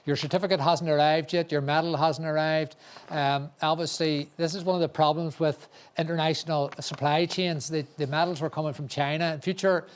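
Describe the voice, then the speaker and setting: A man's voice: fairly high pitch, fairly even intonation, fairly quick, clear, resonant tone. A man hosting an awards ceremony in a chatty, joking way, often restarting his sentences. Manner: chatty, jokey, with frequent restarts. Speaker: awards event host.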